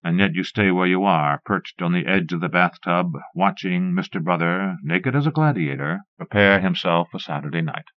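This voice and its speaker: Male audiobook narrator, measured reading, low voice, dull lo-fi cassette sound. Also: no echo.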